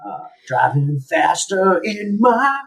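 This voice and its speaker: A woman's voice: fairly low pitch, big pitch swings, slow pace. A middle-aged woman co-hosting a podcast, teasing her co-host in casual chat. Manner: teasing, playfully incredulous.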